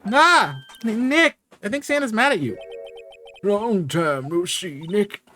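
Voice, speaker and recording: A streamer voicing an excitable, bubbly teenage girl sidekick. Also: mid-range voice, fast, faint music behind, pitched above the performer's own voice. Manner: bubbly, exclamatory.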